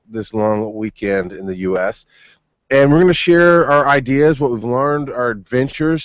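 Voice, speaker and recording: A man's voice: mid-range voice, dry recording. A man co-hosting a podcast in casual chat, telling a long story in a rambling way and laughing often. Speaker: podcast co-host. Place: home studio. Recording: muffled dry remote recording.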